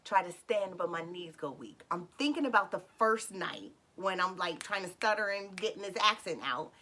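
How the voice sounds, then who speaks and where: A woman with a fairly low voice talks at normal speed, telling her viewers a personal story with animation. She addresses the audience directly and acts out what others said.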